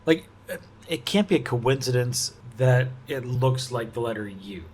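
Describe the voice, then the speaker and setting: A man thinking aloud as he works through a puzzle, musing and halting, often restarting his sentences and laughing softly. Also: mid-range voice, animated, breathy edge. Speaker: puzzle-solving video host.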